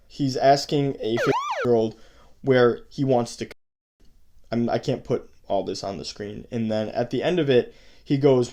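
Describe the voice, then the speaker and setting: Guy ranting about chats, super disgusted, cursing a lot, normal pitch. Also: huge pitch swings, unhurried, long pauses, darkish tone. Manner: profane, disgusted, heated. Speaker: host. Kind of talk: angry commentary reading chat logs.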